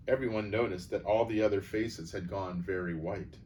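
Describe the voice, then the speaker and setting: A man calmly reading a children's novel aloud as storyteller. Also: fairly low pitch, normal speed, hardly any pauses. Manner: calm, even storybook reading. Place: church setting. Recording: distant mic, faint background noise.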